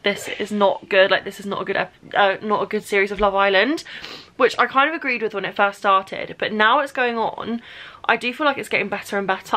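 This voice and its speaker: A woman's voice: medium pitch, bright, forceful tone. Chatty young woman vlogging. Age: young adult. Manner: chatty, says "literally" constantly. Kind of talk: casual vlog chat. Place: home.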